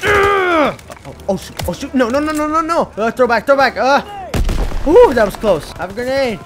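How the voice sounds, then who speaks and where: A man giving excitable let's play commentary, yelling and repeating words in bursts, a bit hoarse from shouting. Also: extremely high pitch, normal speed. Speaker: gaming video creator. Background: game music and gunfire.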